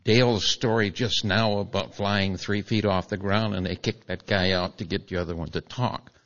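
A man in his seventies, a veteran, giving earnest and slightly halting remarks to a gathering of veterans. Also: low voice, fairly even intonation, fairly bright tone, lo-fi sound. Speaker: veteran speaker.

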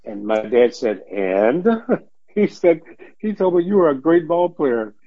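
A man's voice: on the high side, unhurried, dry recording. An older man from Detroit, a former police officer, telling stories as an interview guest and acting out the voices he quotes. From Detroit, USA. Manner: animated storyteller who acts out quoted voices and laughs often. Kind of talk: storytelling in an interview. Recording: dull lo-fi recording.

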